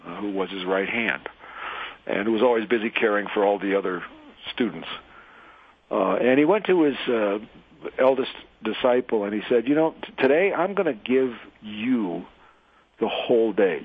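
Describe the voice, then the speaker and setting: A man telling a parable and then speaking his mind, halting, often repeating words and using fillers. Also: on the low side, breathy edge. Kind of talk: monologue commentary with a parable. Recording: tinny phone-like radio sound.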